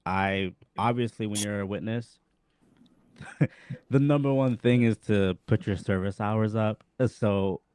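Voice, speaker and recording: Casting note: man with a low voice, chatty and animated, dry close mic, sprinkles "bro" through his stories. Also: slow, clean tone, no echo. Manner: animated storytelling, says "bro" and "like" a lot. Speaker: panel guest, former Jehovah's Witness. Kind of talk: casual panel chat.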